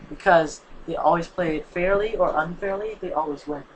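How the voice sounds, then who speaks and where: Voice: mid-range voice, moderate pace, a little hiss or hum, low-quality recording. A young reader narrating fan fiction casually, with rambling asides and slang. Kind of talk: casual story reading.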